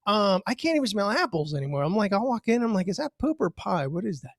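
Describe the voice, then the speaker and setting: A man doing a stand-up comedy set from home over a video call, animated, jumping up in pitch for the voices he quotes. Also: fast talker, no echo, clean studio sound. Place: home, virtual show.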